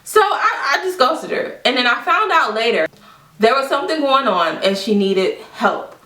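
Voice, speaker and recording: A woman vlogger casually telling a personal story to the camera, quoting people with lively, exaggerated voices. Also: a little high, normal speed. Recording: echoey room, mic at a distance.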